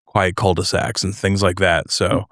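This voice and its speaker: A man's voice: sits low, level tone, a little slow, fairly bright tone, no room sound, clean studio sound. A young man from North New Jersey, a comedian guest chatting casually on a podcast, rambling and hesitant with many fillers.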